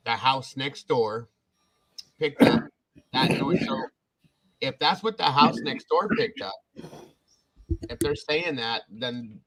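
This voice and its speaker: A man's voice: mid-range voice, expressive, measured pace, fairly bright tone, poor audio. A man hosting a casual true crime live stream, chatting loosely and reading comments from the chat.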